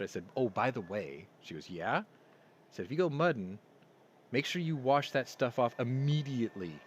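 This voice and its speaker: A man hosting a casual live-stream chat, rambling through stories and getting loud and excited as he tells them. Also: fairly low pitch. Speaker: podcast host. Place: home room. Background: yard work outside.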